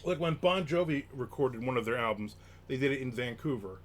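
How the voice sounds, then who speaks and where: A man's voice: medium pitch, lively intonation, a little fast. Chatty man rambling on a live stream. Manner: chatty, rambling, reads chat aloud. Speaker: livestream host. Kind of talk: casual live-stream chat.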